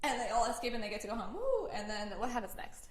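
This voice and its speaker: Giggly, excitable young woman. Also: fairly high pitch, fast talker, slight background noise. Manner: excitable, giggly, swears casually. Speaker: storyteller to a friend. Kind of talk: casual chat.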